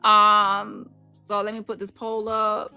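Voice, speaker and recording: A woman hosting a casual online commentary show, brash and animated, swearing and mocking the people she talks about. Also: medium pitch, takes it slowly, clean tone, muffled recording, faint music behind. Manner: animated and brash, swears freely, mocks voices.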